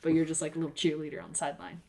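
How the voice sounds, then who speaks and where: A woman's voice: low-pitched, little pitch movement, rapid-fire, warm tone. Chatty, foul-mouthed podcast co-host, woman. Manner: chatty, swears freely, rambling anecdotes. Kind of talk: casual chat. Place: half-unpacked apartment with some echo.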